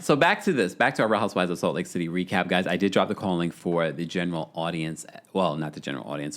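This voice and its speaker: A man hosting a live-stream reality TV recap, chatting casually and reading out viewer comments. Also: low-pitched. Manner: chatty, animated, reads viewer super chats. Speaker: podcast host.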